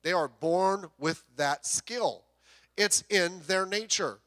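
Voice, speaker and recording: A male pastor delivering a sermon in a high, bright voice that cuts through clearly. He drives his points home with rhetorical questions and slows down to stretch out the key words.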